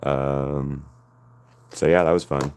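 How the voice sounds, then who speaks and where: Rumbling low and darkish yet clear and resonant, this American man's voice moves at a slow pace with fairly even intonation. As he draws on stream, he chats casually with his viewers, hopping between thoughts and laughing a lot.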